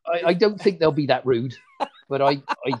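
A man voicing a bumbling rural farmer comedian with a rural English accent, talking in a halting, stammering, folksy way. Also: a little high, animated, darkish tone. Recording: dull lo-fi sound.

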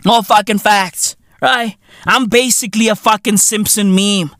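A man in his thirties hosting a podcast, ranting loudly in a profane comedic style and peppering his lines with "right?" and "bruv". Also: high voice, steady tone, unhurried. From South Africa. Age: 30s. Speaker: podcast host.

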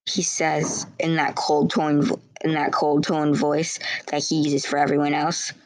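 A woman's voice: sits low, flat delivery, measured pace, darkish tone, dry recording, rough recording. Young woman narrating fan fiction. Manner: rambling, with frequent restarts.

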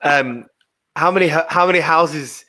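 A man's voice: fairly high pitch, measured pace, pushed and bright. A man hosting a podcast interview, often stumbling, repeating and restarting his words. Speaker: podcast host, business owner. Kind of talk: casual interview chat.

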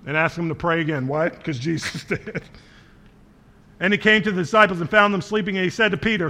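A man's voice: sits high, brisk, bright, forceful tone. A man preaching a sermon as pastor, speaking earnestly and directly to his congregation and quoting scripture with small verbal slips.

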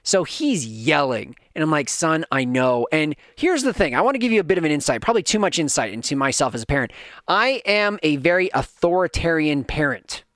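Animated dad telling a family story. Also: male voice, on the high side, a little fast, no room sound, studio quality. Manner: animated, rambling, acts out kids' voices. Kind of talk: casual storytelling monologue.

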